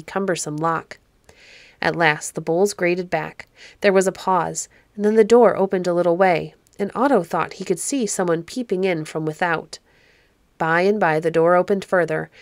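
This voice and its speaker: A woman narrating a classic children's novel aloud, measured and expressive. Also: lowish voice, dry recording. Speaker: storyteller.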